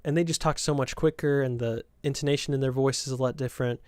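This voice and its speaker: A man's voice: mid-range voice, fairly even intonation, fast talker, a little mellow, no room sound, studio quality. A young man from the southern United States with a light Southern accent, hosting a casual podcast in a chatty, meandering way that keeps correcting itself. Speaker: podcast host. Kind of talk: casual rambling podcast chat.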